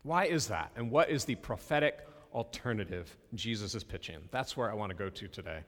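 A man's voice: fairly low pitch, animated, a little fast, a bit bright, long reverb tail. A male pastor giving a sermon in a conversational way, with self-deprecating asides.

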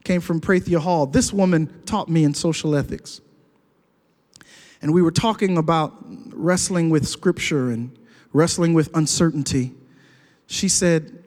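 High-pitched guy preaching, earnest, gets loud and emphatic, long echo like a big church. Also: measured pace. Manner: earnest, rising to emphatic outbursts. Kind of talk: storytelling sermon. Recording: long hall reverb.

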